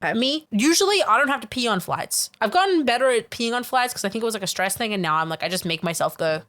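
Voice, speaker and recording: A woman's voice: fairly high pitch, animated, quick pace, fairly bright tone. A young woman, a podcast co-host, telling rambling, self-mocking stories in casual chat, with swearing and laughter. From Australia.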